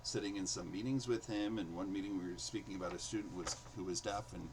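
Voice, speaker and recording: A man's voice: deep voice, fairly even intonation, fast, a little mellow, slight background noise, poor audio. A man in his forties, a teacher hosting his own show, casually telling a story from his career with lots of fillers and acted-out quotes. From New York City. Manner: chatty, many fillers, acts out quotes in raised voice. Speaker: host and storyteller.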